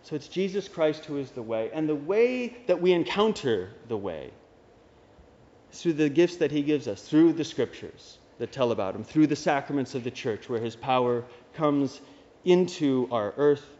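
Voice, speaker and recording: Priest preaching in a reverberant church. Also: male voice, a little high, lively intonation, normal speed, a little mellow. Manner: conversational, wry asides. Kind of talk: homily. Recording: dull reverberant church recording.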